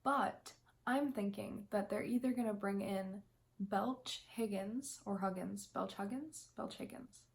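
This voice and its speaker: A young woman talks to her camera at home in a relaxed, chatty vlog. She rambles with plenty of ums and restarts and sounds emotionally caught up in what she says. Her voice sits in an ordinary middle pitch. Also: measured pace, creaky. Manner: chatty, emotional, many ums, tearful laughs. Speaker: vlogger. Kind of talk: casual fan prediction vlog.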